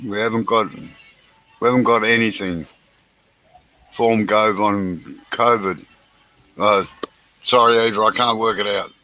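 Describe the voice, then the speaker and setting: Low, bright-voiced man. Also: fairly even intonation, faint music behind, low-quality recording. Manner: halting, reads out comments. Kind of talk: casual chat.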